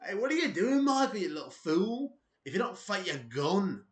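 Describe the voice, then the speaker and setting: A man puts on a brash fighter with a high, loud, jeering voice. He taunts in a swaggering sing-song, all bravado and mockery. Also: very animated, normal speed, echoey room. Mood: taunting. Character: cocky brash male fighter impression, taunting.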